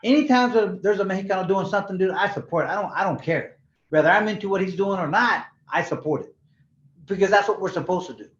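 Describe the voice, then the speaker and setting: Speaking quickly in a high-pitched voice, a sixty-year-old ex-boxing champion from California chats his way through stories in an informal interview. He repeats himself and sprinkles in Spanish slang, and the audio is lo-fi and dull with noticeable room echo.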